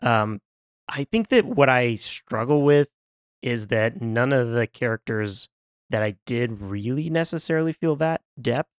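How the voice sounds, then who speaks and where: A man's voice: mid-range voice, animated, measured pace, smooth, no room sound, studio quality. A man in a casual film review chat, rambling and restarting his sentences, often breaking into laughter. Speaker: film podcast panelist.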